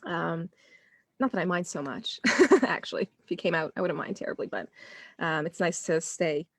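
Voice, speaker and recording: A woman's voice: on the low side, animated, moderate pace, no room sound, clean studio sound. A woman parenting coach speaking casually on a live stream, telling stories and acting out quoted dialogue.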